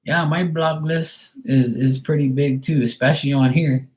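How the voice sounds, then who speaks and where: A man's voice: a little high, steady tone, a little slow, a little mellow. A man who reads tarot, ranting casually and bluntly on a live stream, swearing freely. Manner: profane, exasperated, blunt. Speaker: tarot reader.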